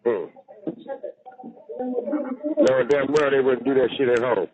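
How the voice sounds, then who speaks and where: A man's voice: medium pitch, a little slow, a crowd in the background. A man calling home from jail, chatting casually in a coarse, profane, boastful way. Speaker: jail inmate on a call. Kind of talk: casual phone chat. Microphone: prison payphone handset. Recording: tinny jail phone line.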